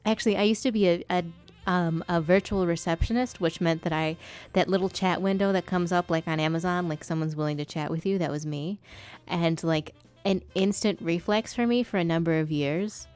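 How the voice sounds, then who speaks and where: A woman's voice: lowish voice, fairly quick, darkish tone, smooth, soft background music. A woman streamer chatting casually while she draws, swearing freely and now and then putting on a polite customer-service voice.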